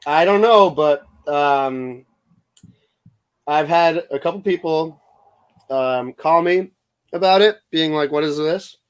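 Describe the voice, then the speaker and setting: With a fairly high, clean voice, this podcast co-host speaks slowly and leaves long pauses, with no room sound present. He rambles about local politics on a casual talk show, trailing off mid-sentence while eating.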